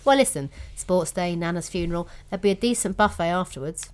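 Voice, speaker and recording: A woman's voice: fairly low pitch, quick pace, a little mellow. A woman co-hosting a podcast, teasing and self-described as dramatic. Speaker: podcast co-host. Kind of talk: casual chat.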